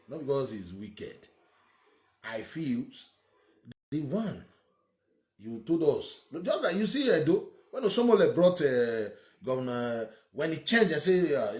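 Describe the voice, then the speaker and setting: A man's voice: mid-range voice, big pitch swings, normal speed, roomy sound. A man with a Nigerian accent giving an opinionated monologue as a political commentator, emphatic and ranting, firing off rhetorical questions.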